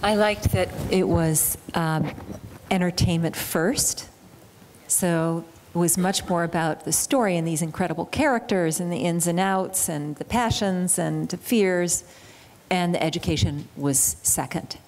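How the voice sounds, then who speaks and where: A woman facilitating a conference workshop, giving measured, encouraging feedback and calling on the next group. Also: fairly low pitch, a little mellow, long reverb tail, slight background noise.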